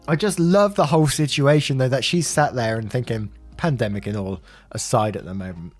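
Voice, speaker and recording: A man's voice: mid-range voice, normal speed, soft background music. A man narrating online stories aloud and adding his own commentary, chuckling as he goes. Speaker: story narrator.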